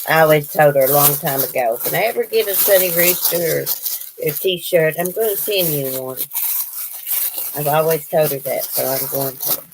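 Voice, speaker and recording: A vlogger opening mail chats casually to her viewers at home, gushing and apologetic. She has a low voice and speaks at normal speed, with background noise and dogs barking now and then.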